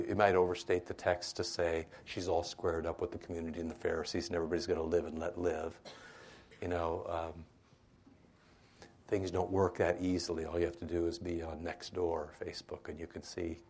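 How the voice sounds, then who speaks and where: Lower-voiced male pastor, relaxed Bible study teaching with many "right?" asides. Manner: conversational, frequent rhetorical asides, acts out voices.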